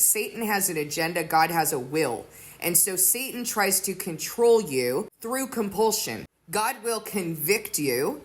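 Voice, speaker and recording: A woman giving an earnest sermon-style teaching, explaining with everyday examples. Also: on the low side. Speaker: teacher of a faith community.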